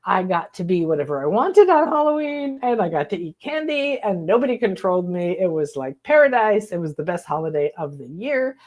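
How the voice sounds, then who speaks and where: A woman hosting a spiritual workshop, talking in a casual, enthusiastic, expressive way and acting out little voices as she teaches. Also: on the low side, brisk, hardly any pauses. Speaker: host leading a spiritual workshop.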